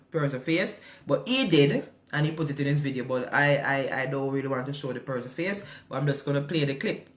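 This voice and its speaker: A woman's voice: low-pitched, roomy sound. A woman with a Jamaican accent hosting a morning show in casual chat. She talks with passion, firing rhetorical questions and mixing patois with English.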